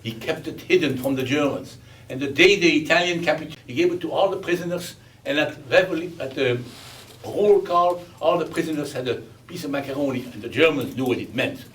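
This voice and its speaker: A man's voice: on the high side, a little fast, fairly bright tone. A man in his eighties with a Belgian accent, giving a chatty, joking speech to an audience as a veteran guest speaker, stressing his points by repeating them. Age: 80s. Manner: chatty and joking, with emphatic repetition. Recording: distant mic with faint background noise.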